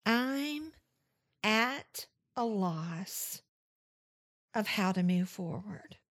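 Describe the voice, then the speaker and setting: A woman's voice: medium pitch, animated, extremely slow, a bit bright. A woman with a Southern US accent hosting a faith-based podcast monologue, emphatic and fond of repeating phrases for effect. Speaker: podcast host.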